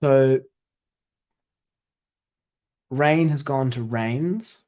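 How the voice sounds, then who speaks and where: A man reading a scripture commentary aloud, then talking casually through edits and pronunciations, pausing to check words. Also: medium pitch, a little mellow. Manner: careful, pauses to check wording and pronunciation. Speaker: scripture reader and editor.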